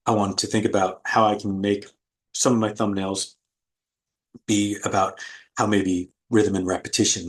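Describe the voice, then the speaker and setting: A man's voice: fairly low pitch, husky. A man giving a casual recorded art lecture over screen share, thinking aloud with many fillers. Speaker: art instructor.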